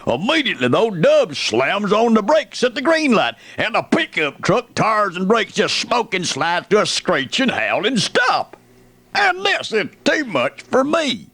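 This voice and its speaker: A man's voice: sits high, a bit bright, dry recording, exaggerated voice. A man playing an indignant folksy redneck who rants about dumb neighbors. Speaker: radio comedian.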